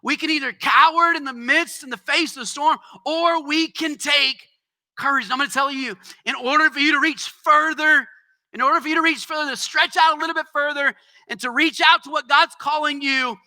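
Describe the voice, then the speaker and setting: A male pastor with a strikingly high voice and a sharp, forceful edge delivering a sermon. He talks in a conversational way with quick asides, then presses hard into emphatic, ringing exhortations. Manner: emphatic preaching that swells into shouted exhortations. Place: church.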